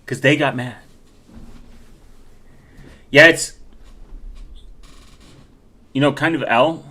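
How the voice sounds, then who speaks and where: A man's voice: medium pitch, very slow, bright, forceful tone. A man from the United States rambling casually while browsing, with many fillers and self-corrections.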